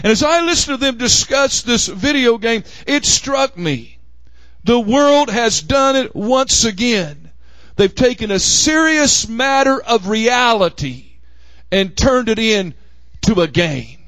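A man with a Southern accent preaching a fiery sermon as pastor of his church, often shouting. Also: very high voice, animated, slow, no room sound. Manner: impassioned preaching, frequent shouting. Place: church sanctuary.

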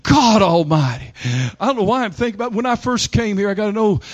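Fervent high-voiced male preacher, lo-fi sound. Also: lively intonation. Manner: builds from low slow passages to loud high-pitched shouting preaching; calls on the congregation to repeat and respond. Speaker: pastor. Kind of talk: sermon.

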